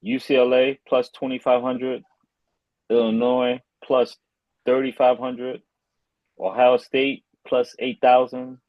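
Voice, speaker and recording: A man's voice: medium pitch, little pitch movement, takes it slowly, no room sound. Laid-back man on a muffled line. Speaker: podcast co-host. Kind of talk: casual sports betting chat.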